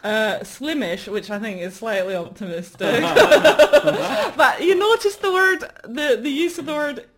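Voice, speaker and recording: A woman's voice: sits high, expressive, a little slow, few pauses. Rambly woman artist doing a comedy bit, giggles a lot, voice jumps all over. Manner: rambling, self-mocking, laughs often. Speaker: artist and performer. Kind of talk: comic live performance chat.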